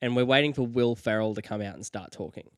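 A young man co-hosting a podcast, telling a story animatedly and jumping high in pitch when acting out quotes. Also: fast, no room sound, clean studio sound. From Australia. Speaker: podcast co-host. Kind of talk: casual chat.

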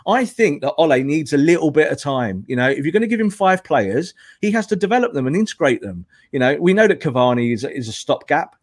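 A man's voice: on the high side, dry recording, studio quality. A man who is a guest pundit on a football podcast, arguing his points emphatically and lecturing the listeners.

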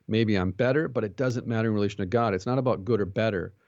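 A low-voiced man talks quickly and earnestly as a guest on a podcast, a pastor who teaches jiu-jitsu. He tells his stories with lively quoted dialogue. The sound is dry and a little muffled. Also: no room sound. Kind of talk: conversational interview.

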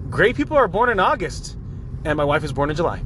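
A man's voice: fairly high pitch, very animated, quick pace, background noise. A man leaving a jokey, upbeat voice message from his car. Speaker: caller. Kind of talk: casual voice message.

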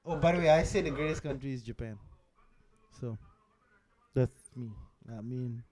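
A man's voice: mid-range voice, normal speed, darkish tone. A man hosting a casual podcast, joking around and swearing freely. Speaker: podcast host. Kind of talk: casual chat.

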